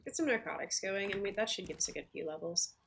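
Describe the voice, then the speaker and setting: A woman's voice: mid-range voice, animated, quick pace, creaky, a bit bright, slight background noise. A woman chatting casually on a game livestream, talking with lots of fillers and little laughs while she eats and plays. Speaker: game streamer.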